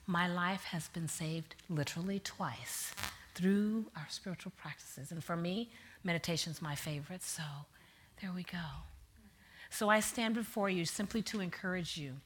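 A woman minister giving a sermon, telling stories animatedly and preaching in a soft, hushed way. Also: lowish voice, normal speed. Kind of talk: sermon with personal storytelling.

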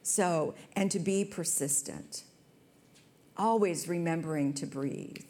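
A woman's voice: lowish voice, takes it slowly, warm tone, a little hiss or hum. A woman hosting a talk show, telling a personal story in an earnest, conversational way. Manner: earnest, storytelling, quotes people with voice changes.

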